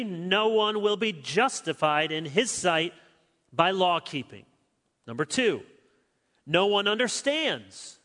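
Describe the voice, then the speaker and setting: A man's voice: fairly high pitch, fairly bright tone. Emphatic preacher man in a reverberant hall. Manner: emphatic, with sudden bursts of speed and slow, stressed words; addresses listeners directly with dry asides. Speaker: pastor. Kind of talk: expository sermon. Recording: long reverb of a large hall.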